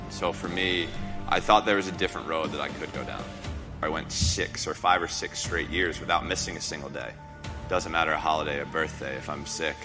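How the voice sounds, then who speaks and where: A man, an athlete, giving a motivational talk that builds to forceful, insistent repetition. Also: extremely low pitch. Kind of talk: motivational speech. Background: loud music.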